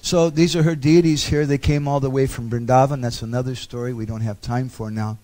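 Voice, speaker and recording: A man's voice: medium pitch, steady tone, fairly quick, warm tone. A man giving a storytelling lecture on a pilgrimage, with humorous asides.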